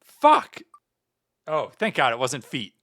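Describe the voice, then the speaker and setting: A man's voice: on the high side, lively intonation, normal speed, fairly bright tone. A man chatting casually on a livestream as a VTuber, playful and mock-grandiose, swearing often. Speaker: VTuber streamer.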